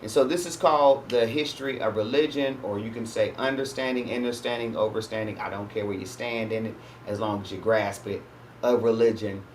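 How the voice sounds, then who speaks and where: A man's voice: lowish voice, fairly even intonation, brisk, slight background noise. A man hosting his own channel, giving a casual religious teaching monologue in a conversational way and often checking in with his listeners. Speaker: host.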